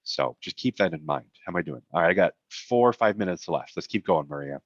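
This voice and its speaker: A man's voice: sits low, expressive, fairly quick, no room sound, lo-fi sound. A man presenting a cybersecurity webinar in a conversational way, with joking asides, his voice getting tired. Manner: conversational, self-deprecating asides.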